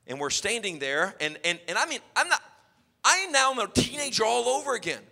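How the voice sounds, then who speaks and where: A man, a youth pastor telling a comic story in an animated sermon style. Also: very high voice, a little fast. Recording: long hall reverb.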